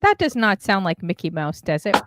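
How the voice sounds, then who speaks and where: A woman's voice: medium pitch, sing-song, brisk, noisy background. A woman from Canada hosting a casual interview, bubbly and chatty, saying "like" often. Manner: bubbly, chatty, with lots of "like" and laughter. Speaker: podcast host.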